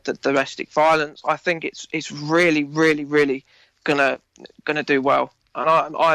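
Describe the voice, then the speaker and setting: A man's voice: on the high side, sharp tone, dry recording, rough recording. A man with an Essex accent talking enthusiastically and ramblingly about his acting work in a casual interview. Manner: enthusiastic, rambling, laughs often. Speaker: actor interviewee.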